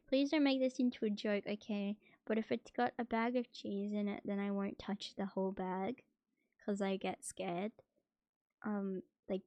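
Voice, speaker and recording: A young woman chatting casually on a stream, soft and hesitant, with many fillers. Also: medium pitch, no room sound, highs cut off. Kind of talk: casual chat.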